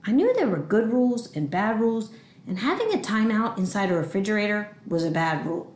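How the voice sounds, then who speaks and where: A woman reading a children's novel aloud with expressive storytelling. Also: mid-range voice, a little fast, roomy sound. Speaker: audiobook reader.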